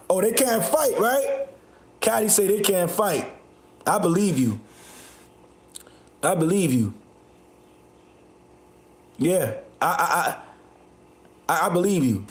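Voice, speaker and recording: A man hosting a livestream, ranting at his chat in a loud, confrontational, repetitive way. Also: high-pitched, lively intonation, slow, long pauses, echoey room. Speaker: livestream host. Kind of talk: live stream rant reacting to chat.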